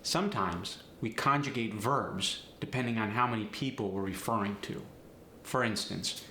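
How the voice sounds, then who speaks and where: Bright-voiced man teaching. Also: fairly low pitch. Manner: clear, measured explaining with spoken demonstrations. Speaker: dialect coach. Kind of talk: instructional explanation. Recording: roomy echo, faint noise.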